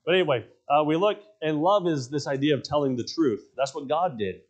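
A man delivers a sermon from a church pulpit, his voice sitting a touch higher than most men's. He tells his stories with firm emphasis and drives his points home by repeating them. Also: a little fast, lo-fi sound. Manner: emphatic storytelling, repeats key phrases. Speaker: pastor. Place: church sanctuary.

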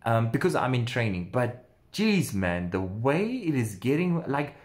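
A man working as an empath who does personal readings tells a story in a casual vlog. He is animated and drops sound words like "boom" between phrases. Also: unhurried.

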